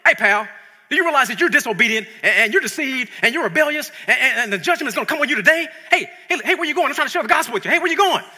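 A man's voice: very high-pitched, big pitch swings, fast, bright, forceful tone, breathy edge, pitched above the performer's own voice, full character voice. A pushy male street preacher , as a preacher puts him on, harangues strangers in a raised, piercing voice. The sound rings with a long hall reverb. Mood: scolding. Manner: pushy, badgering.

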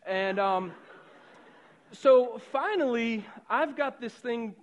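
Animated high-voiced male preacher. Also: takes it slowly, muffled recording. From Boston suburbs. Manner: animated, conversational storyteller, swings from hushed to loud. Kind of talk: sermon with storytelling.

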